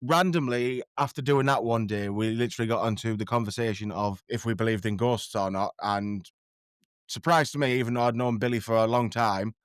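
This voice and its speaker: Guy chatting on a podcast, trips over his words, clear dry voice. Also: mid-range voice, fairly quick, dry recording. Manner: rambling, self-deprecating, stumbles over words. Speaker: podcast guest. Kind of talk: casual chat.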